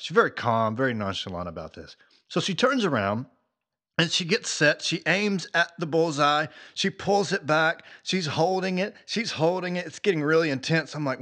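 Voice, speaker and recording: Animated man telling a faith story. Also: fairly high pitch, moderate pace. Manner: animated, conversational storytelling with casual fillers. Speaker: faith podcast host.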